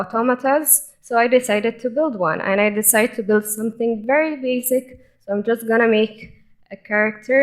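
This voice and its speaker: A young woman gives a personal, informal conference talk on stage with lively enthusiasm. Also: on the high side. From Egypt. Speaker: conference speaker.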